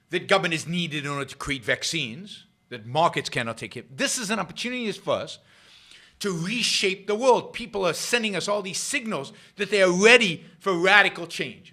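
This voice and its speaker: A man's voice: high voice, bright, forceful tone. A man hosting his own show, delivering an argumentative solo commentary to a live audience and hammering points home by repeating phrases. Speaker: show host. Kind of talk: solo political commentary livestream.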